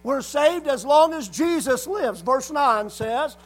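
High-voiced man preaching a sermon. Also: lively intonation, soft background music, low-quality recording. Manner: preaching with emphatic, slowed Bible readings.

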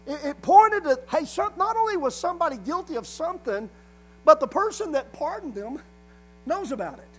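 A man preaching a sermon, reading scripture slowly and with emphasis. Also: very high voice, very animated, poor audio.

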